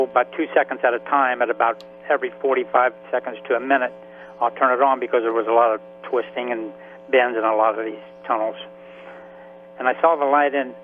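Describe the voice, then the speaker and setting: A man in his seventies, a veteran and author, telling his story in a halting, emotional way with many restarts. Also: medium pitch. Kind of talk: radio interview by phone. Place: Florida. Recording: tinny phone line with faint hiss.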